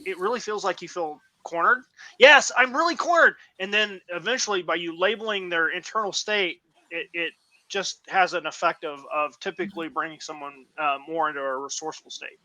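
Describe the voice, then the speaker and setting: A man's voice: a little high, fairly even intonation, fairly quick, sharp tone, no room sound, low-quality recording. A man on a panel chat giving emphatic advice, stressing his points and repeating words for weight.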